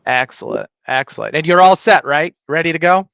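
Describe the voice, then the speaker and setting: A man's voice: on the high side, expressive, a little fast, creaky, fairly bright tone, no room sound, highs cut off. A man hosting a podcast in a loose, jokey, casual chat, often restarting his sentences. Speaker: podcast host.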